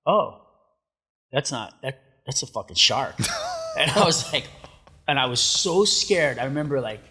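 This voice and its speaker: A middle-aged man, a surfer guest on an interview show, telling a story in a casual, animated way, acting out what people said and saying "like" a lot. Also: mid-range voice, slightly rough. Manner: animated storyteller, acts out quotes, many filler likes.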